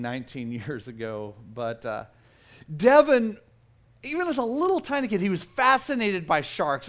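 A middle-aged man preaching a sermon as a pastor, telling stories in an animated, self-mocking way. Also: fairly high pitch.

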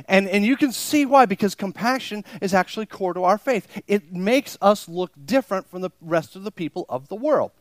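This high-pitched man is a pastor delivering a sermon to his congregation during a church service, recorded with no echo. Emphatic and repetitive for stress, he frequently plays out his listeners' imagined reactions.

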